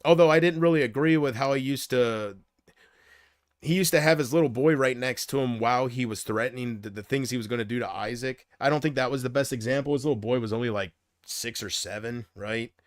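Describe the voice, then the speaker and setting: A man's voice: medium pitch, brisk, no echo, studio quality. A man chatting casually on a livestream, rambling from thought to thought and often trailing off.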